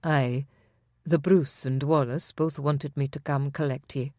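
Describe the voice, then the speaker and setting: A woman voicing a steady young Highland warrior, calm and teasing. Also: unhurried, dry recording, studio quality.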